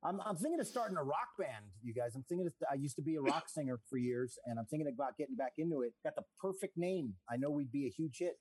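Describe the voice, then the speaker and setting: A man's voice: on the high side, expressive, fast, few pauses, darkish tone, slightly rough. A middle-aged man, a comedian telling rambling, self-mocking jokes over a video call.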